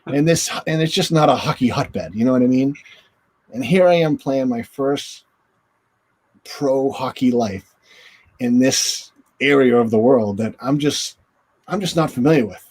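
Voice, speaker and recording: A man's voice: medium pitch, unhurried, darkish tone, husky. A man, a former hockey goaltender, telling a long story casually as an interview guest and acting out the voices of the people in it. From northern United States.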